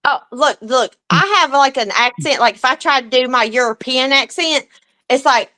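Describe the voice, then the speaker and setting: A woman talks on a video call, sassy and emphatic. Her voice is high and bright with a forceful ring. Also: moderate pace, no echo, poor audio. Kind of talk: casual live-stream chat.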